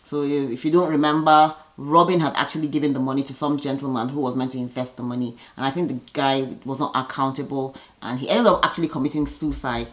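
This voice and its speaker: A woman vlogger giving a chatty, opinionated recap of a reality TV episode, with lively jumps in her voice. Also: fast, few pauses, rough recording. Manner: lively, gossipy, opinionated with sudden pitch jumps.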